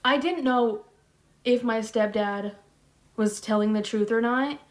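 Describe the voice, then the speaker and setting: A woman's voice: on the high side, measured pace. A woman in her thirties telling a personal story to camera in a chatty, blunt, slangy way. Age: 30s. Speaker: vlogger.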